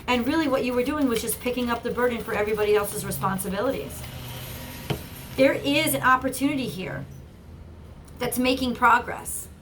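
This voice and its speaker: A woman's voice: fairly high pitch, a bit bright, a little hiss or hum. A woman giving an earnest, encouraging channeled tarot reading, often repeating herself. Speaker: tarot reader.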